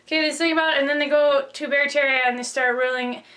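A young woman rushing through a casual plot summary, rambling with lots of fillers and self-corrections, bubbly and flustered. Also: sits high, fairly even intonation, fairly bright tone. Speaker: video host.

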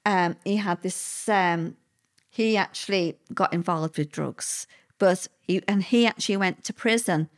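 An older woman, a guest recalling hard times in a halting, emotional way with many fillers. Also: lowish voice. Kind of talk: personal interview recollection.

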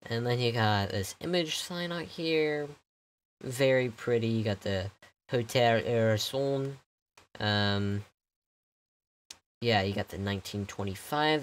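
Young guy gushing over game builds, gasps and ums a lot, faint hum behind. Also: medium pitch. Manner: excitable, gasping, many ums. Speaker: game creator reviewing builds. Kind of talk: casual game commentary.

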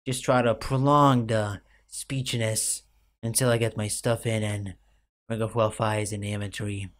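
A man's voice: lowish voice, little pitch movement, moderate pace. A young man giving rambling, self-mocking commentary over a game late at night, full of fillers, his voice cracking now and then. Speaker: gaming YouTuber.

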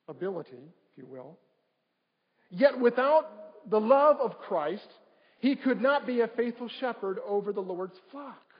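Preaching from the pulpit, a male pastor keeps asking his listeners questions. His voice sits high for a man. The livestream audio of this sermon is dull and lo-fi and rings out through the reverberant church sanctuary.

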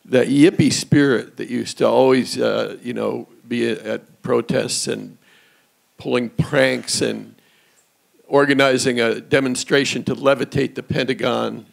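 A man speaking as the last panel speaker, musing and hesitant, with many pauses and fillers. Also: mid-range voice, steady tone, creaky. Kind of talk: reflective remarks to an audience.

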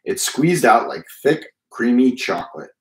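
A man reading a children's book aloud in a calm, measured way. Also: mid-range voice, echoey room, rough recording. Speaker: reader.

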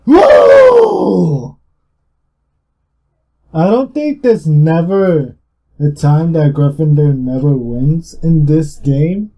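A young man giving casual, rambling gameplay commentary, swearing freely and talking louder and more energetic than usual. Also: fairly high pitch, slow. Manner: rambling and heavily profane. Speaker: gaming YouTuber.

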